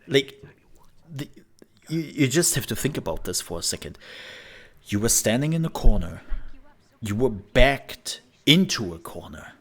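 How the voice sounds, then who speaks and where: Low-voiced man telling game stories. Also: unhurried, pauses often. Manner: animated storyteller who laughs and acts out scenes. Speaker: gaming channel host. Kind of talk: casual commentary over gameplay.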